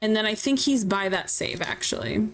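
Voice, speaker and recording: A woman streamer chatting casually while playing a game, telling stories in an animated way. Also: mid-range voice, normal speed, faint music behind. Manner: chatty, animated storytelling with laughs. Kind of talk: casual chat while gaming.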